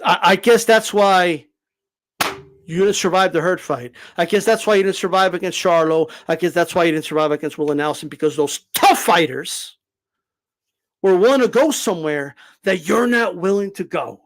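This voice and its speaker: A man giving a casual, animated opinion rant as a boxing commentator, profane and full of fillers. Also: high voice, normal speed.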